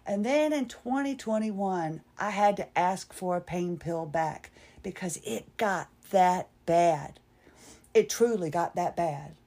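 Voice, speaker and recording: A woman's voice: fairly low pitch, slow pace, mellow. Woman, podcast host, solo monologue, candid, rambling, self-deprecating. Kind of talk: personal storytelling monologue.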